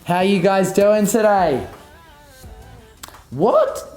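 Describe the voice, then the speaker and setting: Young kiwi woman, kids' ministry host, low teasing voice, soft music under. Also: lively intonation, moderate pace. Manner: playful, teasing, upbeat. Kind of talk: casual chat to kids.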